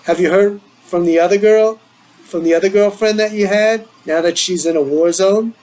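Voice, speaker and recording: A man's voice: moderate pace, natural voice, poor audio. Man doing a teasing, eager teenage boy. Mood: excited teasing. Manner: playful, needling, higher and brighter than his own voice.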